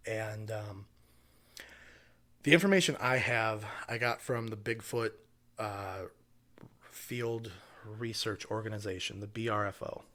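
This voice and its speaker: Rambling Wisconsin podcast host. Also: male voice, fairly low pitch, takes it slowly, pauses often. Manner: relaxed, rambling with many fillers. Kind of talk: casual podcast chat.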